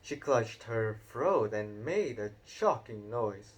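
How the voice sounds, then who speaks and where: A man narrating a children's novel aloud in an unhurried, expressive reading with occasional stumbles. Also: lowish voice, husky. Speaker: audiobook narrator. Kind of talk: storybook read-aloud narration.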